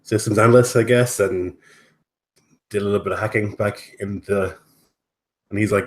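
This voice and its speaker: Low male voice, casual tabletop player. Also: steady tone, normal speed, pauses often. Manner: casual, says "like" a lot.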